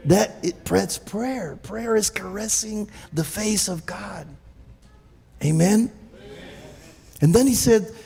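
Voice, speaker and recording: High, gravelly male preacher. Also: takes it slowly, long pauses, long reverb tail. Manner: animated, restarts often, exclaims hallelujah and amen. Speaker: pastor. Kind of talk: sermon.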